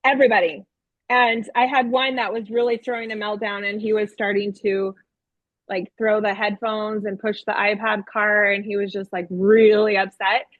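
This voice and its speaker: A woman kindergarten teacher telling a classroom story in casual conversation, animated and playful, laughing as she talks. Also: mid-range voice, normal speed, no echo, narrow, tinny audio.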